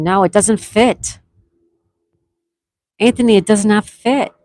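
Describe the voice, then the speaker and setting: A woman's voice: a little high, a little slow, long pauses, darkish tone, no echo. A woman hosting a casual live stream, chatting with viewers, reading their comments aloud and spelling out game letters. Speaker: livestream host.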